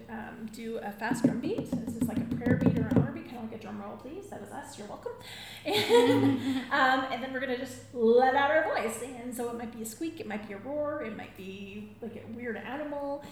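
A woman telling stories to a live audience as a drum circle leader, animated and often laughing as she acts out voices. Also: a little high, normal speed, very noisy. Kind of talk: storytelling talk to a live audience. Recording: very echoey room, faint ambience.

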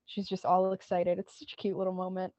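A woman's voice: lowish voice, completely flat delivery, brisk, darkish tone, no room sound, highs cut off. A woman co-hosting a podcast, retelling a TV scene in casual chat and quoting lines with lots of "like". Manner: retells scenes with many "like" quotes. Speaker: podcast co-host.

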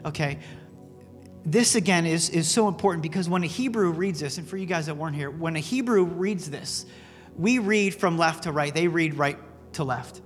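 A man's voice: a little high, moderate pace. A male pastor preaching a sermon, telling stories in a casual, earnest way with fillers like "man". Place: church sanctuary. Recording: long reverb with faint music in a church.

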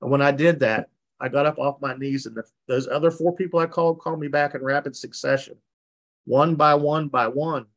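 A man's voice: on the high side, a little fast, fairly bright tone, lo-fi sound. Folksy man telling his story. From West Virginia. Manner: folksy storyteller acting out quoted voices. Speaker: recovery meeting speaker. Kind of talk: personal testimony. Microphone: video call.

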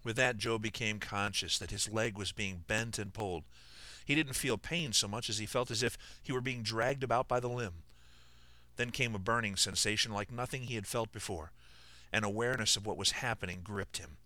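A man, the author, reading his own historical novel aloud in a measured, plain way on a close mic. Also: fairly low pitch, sharp tone, no echo. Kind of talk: audiobook narration.

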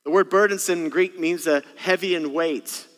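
A man's voice: high-pitched, steady tone, moderate pace, fairly bright tone. A male senior pastor giving a Christmas Eve sermon in a church, preaching with animation and acting out little parent and child exchanges. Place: church sanctuary. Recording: long church hall reverb.

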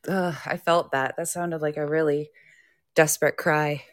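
A woman's voice: deep voice, fairly even intonation, unhurried, no echo, clean studio sound. A woman co-hosting a podcast, reacting to stories and asking follow-up questions. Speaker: co-host. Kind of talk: casual podcast chat.

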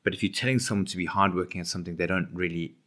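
Deep, bright-voiced man musing on life. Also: fairly even intonation, rapid-fire. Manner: reflective, many restarts. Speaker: podcast co-host. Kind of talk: casual chat.

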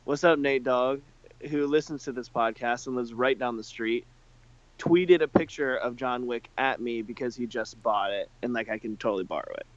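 A man's voice: mid-range voice, steady tone, moderate pace, no echo, dull audio. A man co-hosting a podcast in casual chat, complaining bluntly and with exaggeration. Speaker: podcast co-host.

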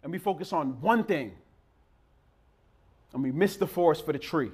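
A man preaching a sermon in a rhythmic, repetitive cadence, building to near-shouts. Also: fairly high pitch, lively intonation, moderate pace, husky.

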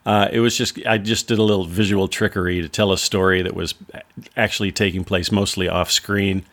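A man's voice: low-pitched, level tone, fairly quick, a bit bright. A man from Wisconsin hosting a podcast, telling a wry, incredulous story about his past in a monologue. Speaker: podcast host.

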